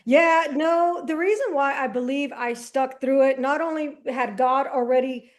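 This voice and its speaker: Woman guest, lively storyteller, high voice, casual slang, acts out conversations. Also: unhurried. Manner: animated storyteller who acts out dialogue. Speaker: podcast guest. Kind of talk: personal testimony in casual conversation.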